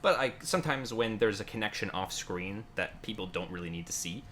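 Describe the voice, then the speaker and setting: A man with a very low, bright voice talks casually about building his machine. He rambles, full of fillers and restarts. Faint noise hums underneath. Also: lively intonation, brisk. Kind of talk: casual conversation.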